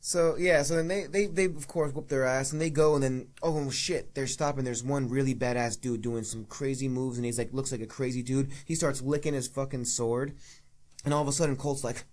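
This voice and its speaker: A man's voice: mid-range voice, brisk. A man co-hosting a podcast, casually retelling a movie scene by scene with lots of profanity. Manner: animated retelling with profanity and acted-out quotes. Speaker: podcast co-host. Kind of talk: casual movie review chat.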